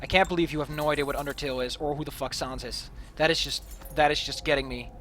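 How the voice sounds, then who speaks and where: Young guy rambling thru a let's play, keeps giggling, kinda high bright voice. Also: steady tone, fast, a little hiss or hum. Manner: giggly, rambling, swears casually. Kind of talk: gameplay commentary.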